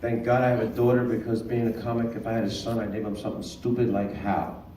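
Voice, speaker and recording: A man's voice: medium pitch, little pitch movement, fast talker. A man in his fifties doing a stand-up comedy set, with punchy joke delivery and voiced characters. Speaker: stand-up comic. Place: small comedy club stage. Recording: echoey room, distant mic, faint noise.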